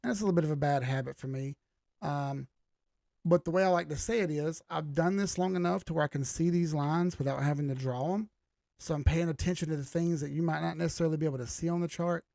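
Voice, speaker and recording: A middle-aged man hosts a live stream in a loose, easygoing way, calling out viewers by name. His voice is gravelly and sits a little high. The sound is very dry and close. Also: quick pace, a little mellow, dry recording. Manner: laid-back, greets viewers by name, swears casually. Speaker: livestream host. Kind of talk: casual live-stream chat.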